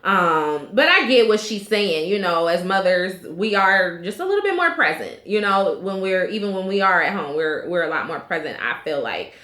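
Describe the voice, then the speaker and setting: A woman's voice: fairly low pitch, sing-song, normal speed, hardly any pauses, sharp tone. A woman in her thirties recapping a reality show in a chatty, opinionated way, full of fillers. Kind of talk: casual recap vlog. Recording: echoey room.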